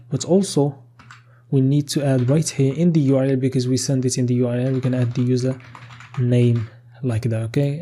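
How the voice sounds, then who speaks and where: A programming tutor records his screen while typing out a coding lesson, keys clacking in the background. His voice is medium in pitch and dark in tone, carrying a faint hiss or hum, and he thinks aloud, often saying "okay" and casually restarting sentences.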